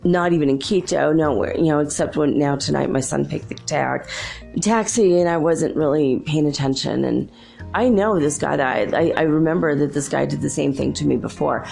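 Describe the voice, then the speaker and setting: A woman's voice: deep voice, normal speed, vocal fry, darkish tone, faint music behind. A woman hosting a podcast, chatting through a rambling, casual story and laughing often. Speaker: podcast host.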